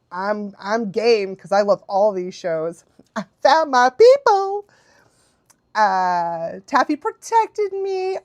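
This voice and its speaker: A woman's voice: mid-range voice, a little mellow, no room sound. A young adult woman chatting casually on a live stream as a dog trainer, bubbly and laughing often.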